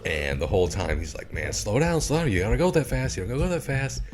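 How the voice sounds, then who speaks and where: A man's voice: fairly low pitch, big pitch swings, fairly quick, darkish tone, soft background music. A man co-hosting a casual movie review podcast, cursing freely and acting out quotes from the film. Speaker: podcast co-host.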